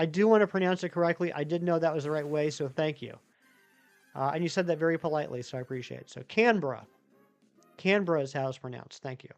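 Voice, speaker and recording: A man's voice: fairly high pitch, lo-fi sound. A man live-streaming a game, chatting casually with viewers in a rambling way with many fillers.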